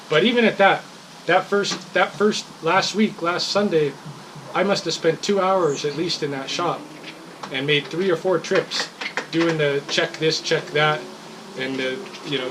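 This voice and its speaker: In casual storytelling, a woman with a low voice rambles through a customer complaint story that gets more and more heated, laughing as her frustration builds. The recording is low quality with slight background noise.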